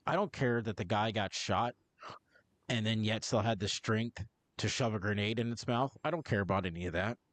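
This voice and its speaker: A man's voice: on the low side, expressive, brisk, no echo. A man co-hosting a podcast in casual movie-review chat, cursing often and restarting his sentences as he rambles. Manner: profane, rambling, self-interrupting. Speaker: podcast co-host.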